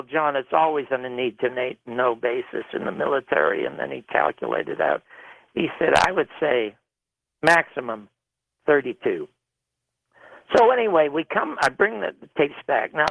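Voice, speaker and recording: Gravelly man telling a story over a phone line. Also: mid-range voice, dry recording. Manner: animated storyteller, shouting out quoted arguments. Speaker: television producer telling his story. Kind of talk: recounting a story in an interview. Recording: tinny phone-line radio sound.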